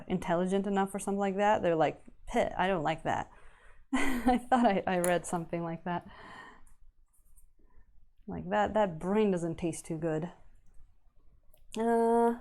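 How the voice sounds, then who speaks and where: A woman paints a miniature live and chats with her viewers as she works. She talks at a slow, unhurried pace in a mellow, warm voice, rambling from thought to thought and laughing often. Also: medium pitch, lively intonation. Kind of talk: casual live-stream chat while painting.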